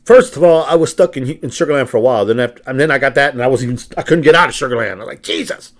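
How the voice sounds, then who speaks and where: A man co-hosting a casual podcast, telling stories in an animated way, laughing and swearing. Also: medium pitch, racing. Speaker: podcast co-host. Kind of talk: casual chat, storytelling.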